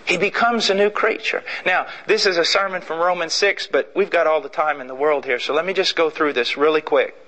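A male preacher delivers a sermon with a high, bright, forceful voice. He hammers his points through repetition and acts out little stories. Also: fairly even intonation, fairly quick, hardly any pauses, low-quality recording. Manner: emphatic and repetitive, acting out stories.

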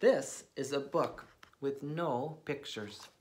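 A man's voice: medium pitch, takes it slowly, a little hiss or hum. A man hosting a read-aloud of a children's book, playful and mock-exasperated at the silly words. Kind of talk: animated read-aloud for kids.

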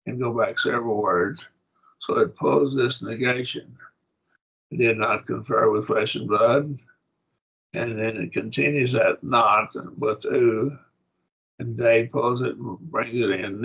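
A man's voice: medium pitch, creaky, slightly rough, phone-quality sound. A man with an Oklahoma accent teaching a Bible class in a classroom, talking casually and quizzing his students.

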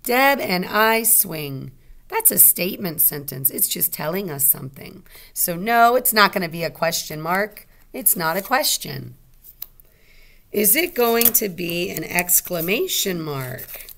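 A woman's voice: fairly low pitch, animated, measured pace, creaky, fairly bright tone. A woman teaching kindergarten, speaking patiently and stretching out example sentences word by word for the children to copy. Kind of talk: slow children's lesson.

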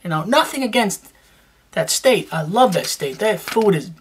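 He's a young reptile-keeping YouTuber from New York, very animated, with a high, slightly rough voice at normal speed. Giving shout-outs in casual vlog chat, he rambles in slang, restarting often and using plenty of fillers.

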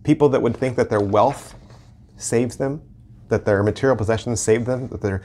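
A male pastor leading an online Bible study, reading scripture slowly and then explaining it in a conversational way, often repeating his words. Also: mid-range voice, warm tone.

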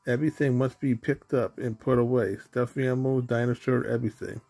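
A man voicing a calm, gently firm mother bear in a storybook reading. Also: mid-range voice, a little fast, creaky.

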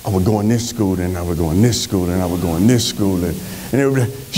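A man giving an energetic motivational speech on a conference stage, telling stories with animated delivery. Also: on the low side, fairly quick, breathy edge. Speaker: motivational speaker.

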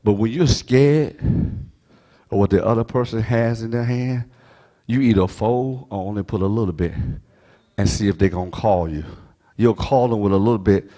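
A middle-aged man preaching a sermon, swinging from soft asides to shouted, half-sung phrases. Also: lowish voice, normal speed. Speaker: pastor.

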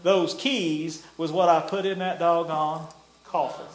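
High-voiced older man preaching. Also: steady tone, unhurried. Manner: folksy storytelling with laughs and nonstandard grammar. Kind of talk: testimony sermon. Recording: echoey room.

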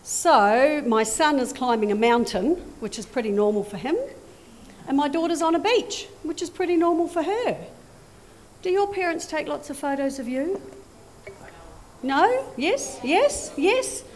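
A middle-aged woman giving a children's talk in a church service, animated and full of questions to the children. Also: sits high, normal speed, slight background noise.

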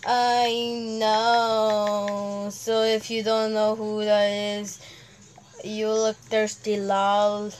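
Excitable gamer woman, very slow talk. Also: medium pitch, slight background noise. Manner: excitable, hums suspense sounds, talks to game characters. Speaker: gamer host. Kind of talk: casual gameplay commentary.

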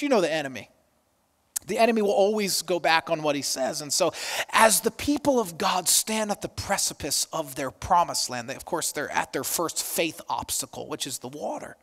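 A man preaching a sermon with energy, swinging between loud exclamations and soft, quiet passages. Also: high voice, long reverb tail. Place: church auditorium.

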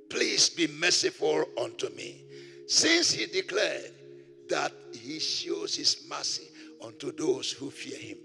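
Ein Pastor mit hoher, knarzender Stimme, leise Musik im Hintergrund. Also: male voice, fairly high pitch, very animated, slow, gravelly, faint music behind. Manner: impassioned, swings from loud pleading to hushed murmurs. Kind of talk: fervent sermon leading prayer.

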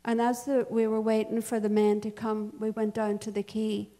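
A woman's voice: a little high, monotone, normal speed, mellow. An older woman telling a family story at a church service, chatty and often laughing. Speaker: church speaker. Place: church hall.

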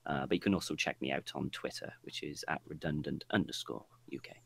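A man's voice: extremely low pitch, fairly quick, creaky, fairly bright tone, slightly rough. A British man guest on a podcast, talking in a laid-back, plain way. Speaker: guest, game streamer. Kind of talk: casual podcast chat.

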